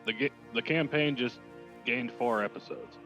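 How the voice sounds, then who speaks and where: A man's voice: mid-range voice, normal speed, pushed and bright, muffled recording, faint music behind. A man joking around as a player at a tabletop game. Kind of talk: casual chat while playing a tabletop game.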